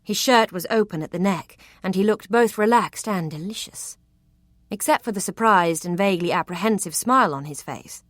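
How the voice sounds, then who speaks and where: A woman narrating a historical romance audiobook in an expressive, intimate storytelling manner. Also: medium pitch, moderate pace, dry recording, studio quality.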